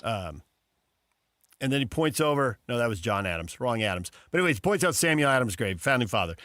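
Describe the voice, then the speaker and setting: A morning sports radio host chats and tells stories with an easy, joking manner. His voice sits at a middle pitch. The studio sound is dry and close. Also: big pitch swings, brisk, a bit bright, no room sound. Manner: chatty storyteller, laughs often.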